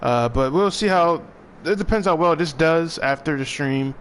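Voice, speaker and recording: A man's voice: on the high side, normal speed, a bit bright, slight background noise. A young man chatting casually as he streams a game, laid-back and thinking aloud while he plays. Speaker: gaming streamer. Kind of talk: casual live gameplay commentary.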